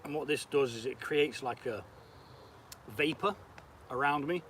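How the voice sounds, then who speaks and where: A man's voice: medium pitch, unhurried, fairly bright tone, slight background noise. A British man live-streaming as an outdoor cooking vlogger, chatting casually, swearing lightly and answering viewer comments as he cooks. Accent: British English. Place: outdoors, cooking on a camp stove.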